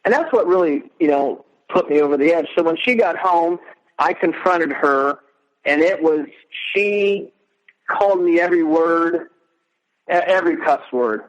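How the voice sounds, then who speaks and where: A middle-aged man talks as a guest in a casual interview. His voice sits somewhat high, and he speaks earnestly and emotionally, with halting starts. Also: lo-fi sound.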